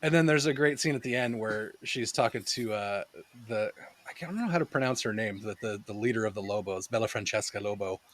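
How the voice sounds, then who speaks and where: A man's voice: fairly low pitch, quick pace, fairly bright tone. Laughing casual podcast guy. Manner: enthusiastic, laughing, acts out quoted lines. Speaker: podcast co-host reviewing a film. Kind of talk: casual movie review chat.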